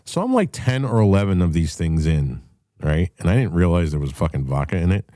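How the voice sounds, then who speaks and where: Male host, deep mellow voice, dry close sound, blunt profane storyteller. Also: big pitch swings, fairly quick, dry recording. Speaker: show host. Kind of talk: casual call-in chat.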